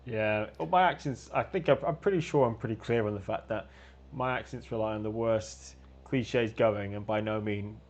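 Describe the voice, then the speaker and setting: A man guest in a casual chat on a video call, talking in a halting, self-deprecating way and restarting his sentences. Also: on the low side. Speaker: guest, game designer and game master.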